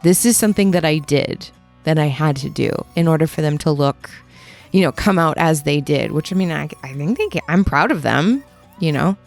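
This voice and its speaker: A young woman records a casual, rambling voiceover over her workshop footage, teasing herself as she goes. Her voice sits a little low and has a gravelly fry. Faint music plays under her words. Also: expressive, normal speed. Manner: rambling, self-mocking, laughs often. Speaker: metalsmith and video maker. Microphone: studio voiceover mic.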